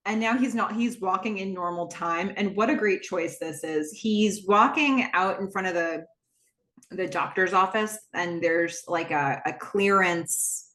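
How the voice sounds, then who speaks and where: A woman hosting a podcast, retelling a TV episode scene by scene in a lively, laughing way. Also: lowish voice, a little slow. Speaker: podcast host. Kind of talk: casual episode recap. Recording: roomy echo.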